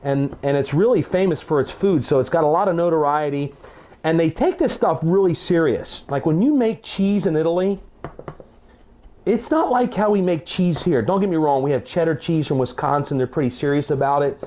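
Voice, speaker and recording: A muffled recording captures a middle-aged man, a cooking show chef, demonstrating a dish in his home kitchen. Slightly high in pitch with a darkish tone and moderate pace, he talks in a chatty, folksy manner, pausing for lessons and restarting phrases.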